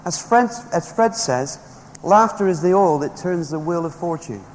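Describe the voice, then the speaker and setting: A man on the high side vocally, animated and at normal speed, works as a motivational speaker. He rallies a live audience in a large hall with stories, delivering his seminar emphatically. The sound is echoey with faint background noise.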